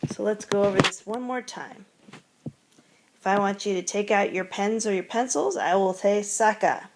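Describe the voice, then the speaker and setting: A woman's voice: medium pitch, moderate pace, a little hiss or hum. A woman teaching classroom commands, patiently repeating each one with its English meaning. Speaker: Spanish teacher. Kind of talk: classroom language lesson.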